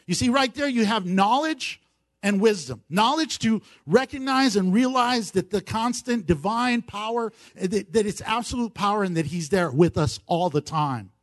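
A man's voice: high voice, animated, moderate pace, no room sound. A man preaching a sermon as pastor at a church service, building emphasis with repeated phrases and dropping in playful asides.

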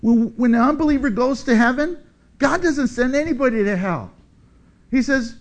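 A man in middle age preaching from the pulpit with a high voice. He is animated, swinging from loud bursts to soft, low asides and playing out the voices in his stories. He speaks as a pastor to his congregation. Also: unhurried. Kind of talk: sermon.

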